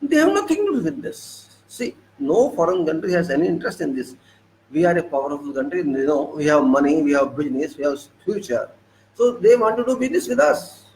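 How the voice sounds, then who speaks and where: Indignant Indian man, higher voice. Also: animated, a little fast, a little mellow, a little hiss or hum, low-quality recording. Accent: Indian English. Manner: indignant, rhetorical questions, repetitive. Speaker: political commentator. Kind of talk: monologue commentary.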